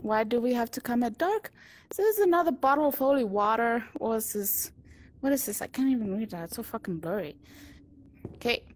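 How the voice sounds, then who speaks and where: A woman playing a game and giving casual commentary, swearing and reacting out loud as she goes. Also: a little high, lively intonation, a little fast. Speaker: gamer.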